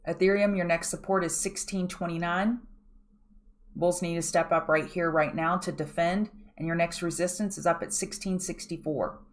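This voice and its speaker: Low-voiced woman coaching through market charts. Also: steady tone, moderate pace. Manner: direct and coaching, keeps prompting viewers to look at the chart. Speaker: host of a pre-market trading show. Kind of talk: live chart analysis walkthrough.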